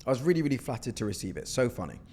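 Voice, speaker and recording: Young guy ripping apart cold emails, super lively pitch, blunt, kinda mocking, keeps saying okay. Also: rapid-fire, slight background noise. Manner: blunt, animated, mocking, says "okay?" a lot. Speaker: outreach coach reviewing cold emails. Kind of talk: casual critique to camera.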